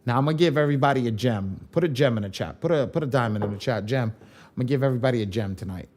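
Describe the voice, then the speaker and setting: A man's voice: medium pitch, racing, a little mellow. A man leading a live online training class on credit repair, emphatic, repeating his points and swearing casually.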